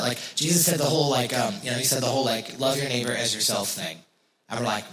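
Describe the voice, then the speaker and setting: A man's voice: mid-range voice, normal speed, fairly bright tone, reverberant, low-quality recording. A man preaching a sermon in a conversational way, repeating key phrases for emphasis. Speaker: pastor.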